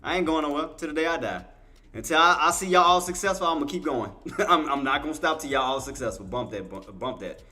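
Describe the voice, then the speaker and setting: An excitable man hosts a live trading stream with a bright, fairly high voice. He talks emphatically, repeats his calls, and grows heartfelt when thanking his viewers. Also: fast talker. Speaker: livestream day-trading host. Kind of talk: live market commentary to chat.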